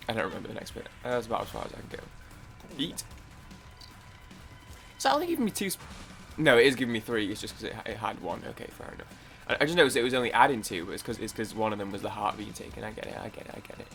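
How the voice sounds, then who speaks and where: A young man commenting casually on his own gameplay, rambling and excitable, with frequent restarts. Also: on the low side, racing, vocal fry, faint music behind. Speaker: gaming YouTuber. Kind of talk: casual let's-play commentary.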